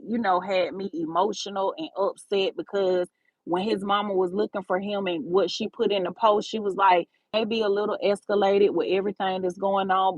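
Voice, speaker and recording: A woman's voice: mid-range voice, dry recording, muffled recording. A woman, talking straight to her viewers in a casual livestream, calling them baby and y'all. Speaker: livestream host.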